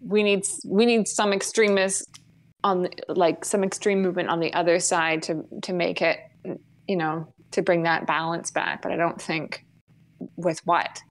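A woman's voice: fairly low pitch, fairly even intonation, moderate pace, low-quality recording. A woman talks in a loose, blunt podcast chat. She swears freely, laughs often, and keeps trailing off and starting her sentences over. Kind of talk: casual chat.

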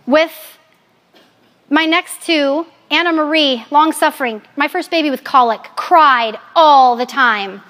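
A woman in her forties gives a personal faith talk to a gathered audience. Her voice sits high, and she speaks candidly and with animation, mixing in jokes. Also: takes it slowly, fairly bright tone. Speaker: Catholic speaker.

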